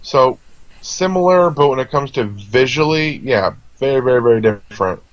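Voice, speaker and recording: A man chatting casually as co-host of a movie review, drifting from thought to thought with plenty of ums and restarts. His voice sits in an ordinary middle pitch. The recording is dull and lo-fi, with a dry, close sound and no room echo. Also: lively intonation, moderate pace. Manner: rambling, with many fillers and restarts. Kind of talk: casual chat.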